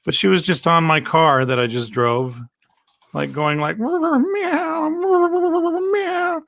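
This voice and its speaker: A man's voice: on the high side, moderate pace, vocal fry, sharp tone, dry recording, studio quality. A man from Canada, a guest on a podcast livestream, chatting casually in a laid-back, joking way and telling easygoing stories.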